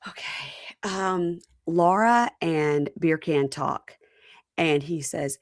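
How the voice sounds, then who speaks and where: A woman's voice: sits low, slow pace, no room sound, clean studio sound. A woman hosting a podcast, recapping a reality show in casual chat and acting out the people she quotes. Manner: animated retelling with quoted voices. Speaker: podcast host.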